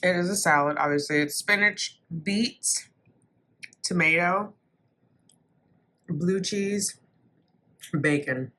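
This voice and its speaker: With a fairly low voice, a young adult woman takes her time and pauses often while vlogging about her day. Her manner is chatty and casual, and she tells her story in an animated way.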